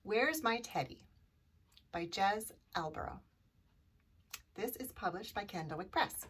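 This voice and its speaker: A woman reading a picture book aloud for a children's storytime, gentle and sing-song. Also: medium pitch, animated, a little slow, distant mic, slight background noise.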